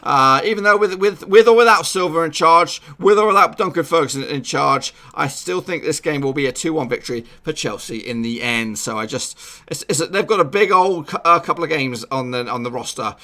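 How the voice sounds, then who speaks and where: Brief: cheery male football predictions vlogger, slightly high voice, jokey banter. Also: expressive, brisk, pushed and bright. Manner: upbeat, jokey, repeats catchphrases. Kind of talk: casual football prediction chat.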